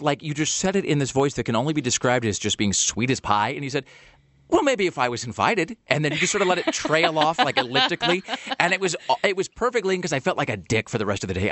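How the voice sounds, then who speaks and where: Rambling male radio host, lively pitch. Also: no echo. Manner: rambling, self-deprecating, many restarts and fillers. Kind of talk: casual radio chat. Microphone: studio microphone.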